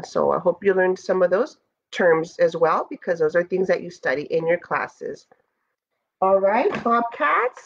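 A woman teacher reading a picture book aloud to students, slow and expressive, stopping to ask them questions. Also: fairly low pitch. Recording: dull lo-fi audio.

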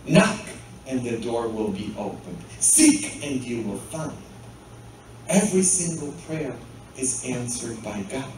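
Priest preaching in an echoey church. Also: male voice, mid-range voice, expressive, a little slow, dark tone, slight background noise. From Poland. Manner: asks the congregation frequent rhetorical "hmm?" questions. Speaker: pastor. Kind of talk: sermon. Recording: very echoey church, mic far off.

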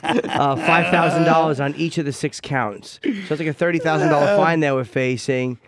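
A man's voice: a little high, normal speed, a bit bright. A man co-hosting a radio show, reading news items aloud and taking the playful contrary side. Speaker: radio co-host. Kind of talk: casual radio chat. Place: radio studio. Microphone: studio microphone.

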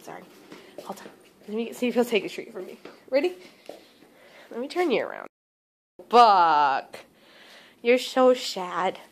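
A woman's voice: medium pitch, very animated, unhurried, pauses often. A young woman filming a casual home video, chatting and coaxing her dog along. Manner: chatty, coaxing pet talk.

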